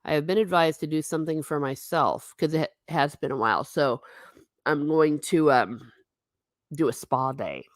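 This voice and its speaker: A woman's voice: deep voice, normal speed, no echo, studio quality. A middle-aged woman hosting a casual livestream chat, reading viewer comments and laughing often with self-mocking asides.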